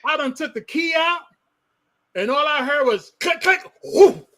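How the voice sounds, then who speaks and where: A high-pitched man spins a story in casual chat. He is animated, acts out sounds and bursts out loud at moments. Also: unhurried.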